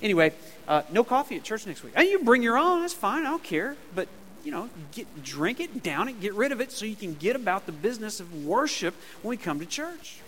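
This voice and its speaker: A man's voice: high-pitched, very animated, fairly quick, a bit bright, slight background noise. A man preaching a sermon as pastor in a church, emphatic and conversational, drawing the congregation into call-and-response. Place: church sanctuary. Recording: long reverb of a large hall.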